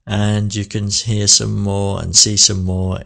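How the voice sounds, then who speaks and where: A man with a British accent teaching English pronunciation in a clear, deliberate voice with exaggerated stress. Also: on the low side, little pitch movement, a bit bright. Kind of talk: pronunciation lesson.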